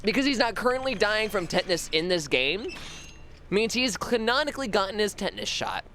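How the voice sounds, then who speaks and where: A high-voiced man rambles through a livestream of a horror game, cracking jokes and swearing freely. His bright, sharp voice swings wildly up and down as he talks, over a faint hiss. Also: big pitch swings, brisk. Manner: rambling, jokey, swears freely, breaks into chanting. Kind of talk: casual gameplay commentary.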